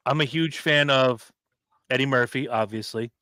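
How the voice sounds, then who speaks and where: Bright, forceful man in casual podcast chat. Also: medium pitch, no room sound. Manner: animated, quick to act out movie quotes. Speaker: podcast co-host.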